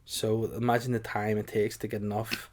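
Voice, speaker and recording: Deadpan young man. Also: on the low side, normal speed. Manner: deadpan absurd storytelling. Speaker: podcast host. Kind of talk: casual comedic chat.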